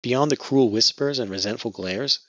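A man narrating an audiobook in a measured storytelling voice. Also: medium pitch, a bit bright, dry recording. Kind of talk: scripted narration. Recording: dull lo-fi dry audio.

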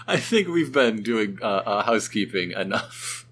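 A man co-hosting a podcast in casual chat, talkative and quick to laugh. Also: fairly low pitch, slight background noise. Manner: chatty, laughs often, lively. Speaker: podcast co-host.

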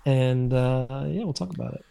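A man's voice: mid-range voice, normal speed, creaky, mellow, smooth. A man co-hosting a podcast, chatting in a laid-back, opinionated way and often repeating his words. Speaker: podcast co-host. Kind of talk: casual recap chat.

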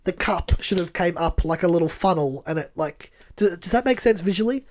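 A man co-hosting a podcast, explaining things loosely and haltingly with lots of fillers. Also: sits high, animated, a little mellow, a little hiss or hum. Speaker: podcast co-host. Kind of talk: casual chat.

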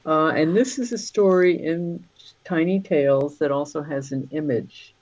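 A woman's voice: deep voice, measured pace, darkish tone, low-quality recording. A woman author being interviewed, talking in a rambling, chatty way with many fillers. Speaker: author guest. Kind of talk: casual interview chat.

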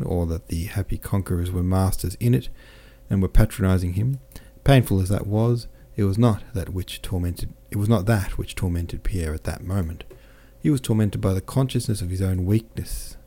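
A man narrating a classic novel as an audiobook podcast host, in a measured, steady way. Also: low-pitched.

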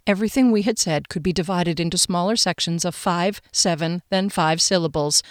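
A woman narrating a first-person novel as an audiobook, in a wry, expressive way. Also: on the low side, fairly quick, no room sound, studio quality.

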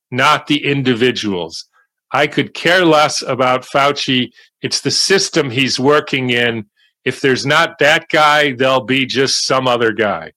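An older man talks through his views in a slow, deliberate monologue. His voice is bright and forward, and the recording is dry and close with no room sound. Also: medium pitch, no room sound. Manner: slow, deliberate, measured delivery. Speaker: commentator. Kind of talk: monologue commentary.

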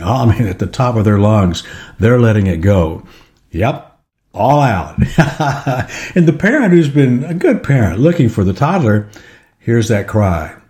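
Older man, motivational talk, storytelling, warm low voice, animated pitch. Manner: reflective, storytelling, acts out scenes.

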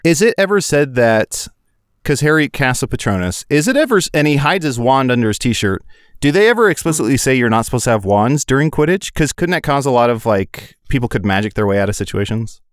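A man's voice: mid-range voice, big pitch swings, fairly quick, clear, resonant tone, no echo. A man guests on a podcast and chats casually, tossing in wry asides and playful bits. His voice sounds close and dry, with no room around it. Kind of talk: casual chat.

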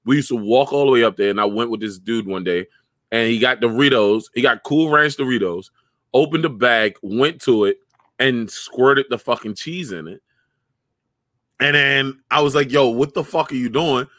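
A young man in casual chat, telling stories loudly with slang and lots of swearing. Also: medium pitch, moderate pace, dry recording, clean studio sound. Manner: loud, profane, animated storytelling with slang.

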